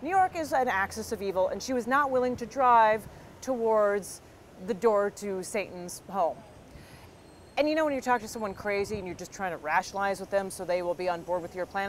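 A woman from Canada telling a personal story with an animated, self-deprecating comic delivery. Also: medium pitch, brisk, slight background noise.

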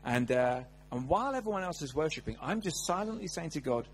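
Guy giving a sermon, very animated voice, jokes around, faint hum behind. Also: a little high, brisk, poor audio. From England. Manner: animated, humorous, acts out quotes. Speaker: preacher. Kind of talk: sermon with personal storytelling.

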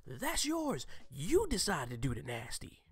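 A man hosting a live stream, ranting crudely and preachily, swinging between shouting and whispering. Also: sits high, wildly swooping pitch, a little slow.

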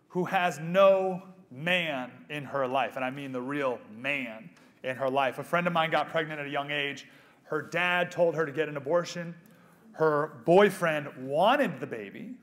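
A man in his thirties speaks to a live audience with a slightly high voice. He is animated, jokes with the crowd, and sometimes drops to a soft, hushed tone. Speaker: speaker at a pro-life event. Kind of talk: live motivational speech to an audience. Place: event venue with a live audience.

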